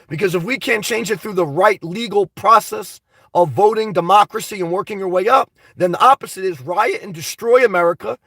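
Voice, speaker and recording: A man hosting a casual live stream, reading viewer comments and rambling about them in an animated way. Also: sits high, dry recording, studio quality, recorded from a distance.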